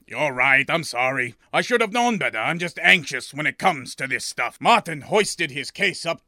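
A man's voice: a little high, lively intonation, moderate pace, bright, forceful tone, no room sound, clean studio sound. A man narrating a comedic story as a shopkeeper, in a prim, overly formal, mock-pompous way.

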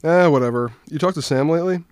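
A young man voicing a joking, cynical teenage boy who teases his friend, a bit louder than his narration. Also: a little high, fast, clean tone, dry recording, pitched above the performer's own voice, close to an everyday voice. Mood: wisecracking. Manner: teasing, wisecracking.

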